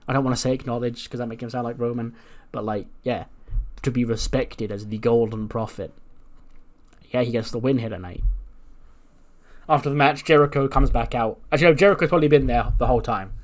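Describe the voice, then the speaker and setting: A man talking through a wrestling management game in a casual, chatty way. He corrects himself as he goes, with a voice of middling pitch. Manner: chatty, laughing asides, self-correcting. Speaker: game channel host. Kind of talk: casual narration of a wrestling sim playthrough.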